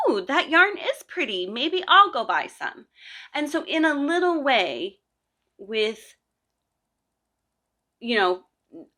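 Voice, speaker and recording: Woman podcast host and crochet teacher: unhurried, bright-toned, sincere, conversational advice. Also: on the high side. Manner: earnest, advice-giving, with frequent fillers and restarts. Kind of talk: casual podcast monologue.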